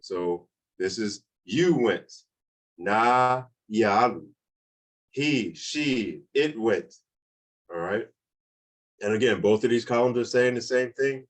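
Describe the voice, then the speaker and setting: A man's voice: medium pitch, animated, slow pace, long pauses, rough recording. A man teaching a beginners' language class online, explaining grammar in a casual way, often repeating points and checking in with "okay?".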